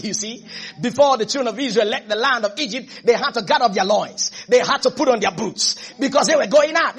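A man's voice: high voice, fairly quick, a bit bright, husky. A man preaching a sermon as pastor, emphatic, repeating phrases and asking the congregation if they are listening.

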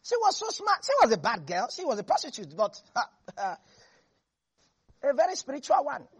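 A high, husky voice carries this preacher's sermon. The delivery is emphatic, with lines repeated for weight and frequent little chuckles. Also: wildly swooping pitch, moderate pace.

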